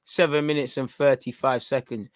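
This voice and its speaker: A young man giving live, excitable reaction commentary on a football match as host of a fan watchalong. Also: medium pitch, moderate pace, dry recording, clean studio sound. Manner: excitable, urgent, coaching the players.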